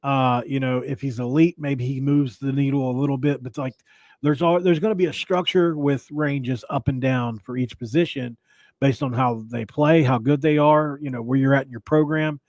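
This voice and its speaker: A man's voice: medium pitch, steady tone, moderate pace, a little mellow, no room sound. A man hosting a sports podcast in a casual, rambling way, with restarts and jokey asides. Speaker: podcast host.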